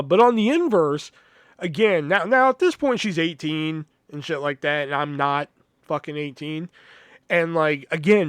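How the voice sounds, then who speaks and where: A man's voice: on the high side, clean tone, no room sound. A man in his thirties telling a casual, profane, rambling story as a podcast host, full of filler words, on a close mic.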